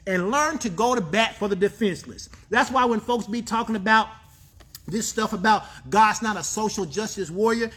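A man's voice: high voice, a bit bright, slightly rough. A man preaching a sermon as pastor, emphatic, repeating key phrases and calling for responses from the congregation.

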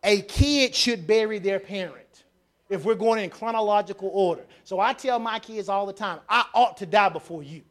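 A man preaching a sermon, repeating phrases and swinging from quiet asides to loud declarations. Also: high-pitched, moderate pace. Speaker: pastor.

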